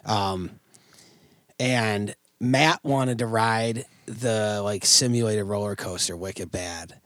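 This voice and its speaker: A young man from upstate New York telling a long, profane, animated story as a podcast co-host. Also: fairly low pitch, slow, no echo, clean studio sound. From Oswego, New York. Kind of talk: casual storytelling chat.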